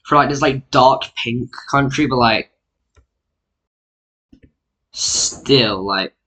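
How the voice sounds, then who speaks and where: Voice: mid-range voice, slow, sharp tone. A mapping YouTuber narrating an alternate history in casual, rambling, self-mocking commentary, full of "like" fillers, sounding tired. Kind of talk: casual screen-recorded commentary.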